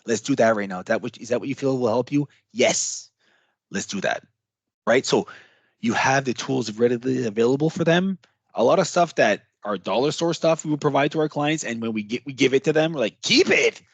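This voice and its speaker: A man giving a casual workshop talk as a trainer, chatty and animated, acting out what clients might say. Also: mid-range voice, brisk, breathy edge, no room sound.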